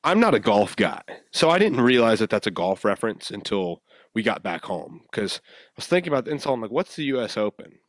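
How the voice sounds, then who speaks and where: A man's voice: fairly low pitch, a little fast, no echo, studio quality. A young man hosting a podcast, telling a story in a loose, rambling way and acting out what people said. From West Coast of the USA. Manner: animated, rambling, acts out quotes. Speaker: podcast host. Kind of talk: casual storytelling.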